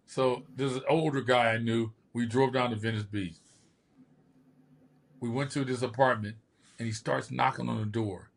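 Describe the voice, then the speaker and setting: An older man, once a bodybuilder and now a podcast host, tells stories in a casual way and acts out the quotes. His voice is medium in pitch and creaky, at a moderate pace, and he comes across as a lively storyteller.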